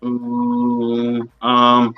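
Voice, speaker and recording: A man's voice: mid-range voice, very animated, drawn-out words, vocal fry, dry recording, muffled recording, soft background music. A man guest in a casual interview, telling rambling stories and swearing casually.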